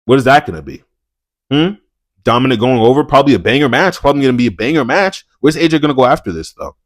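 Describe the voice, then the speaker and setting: A male wrestling reviewer talking off the cuff in a plain, mid-pitched voice. He rambles, swears a lot and stumbles over his words when he gets worked up. The sound is close and dry, with no room around it. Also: animated, fast talker, no room sound. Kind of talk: casual profane commentary.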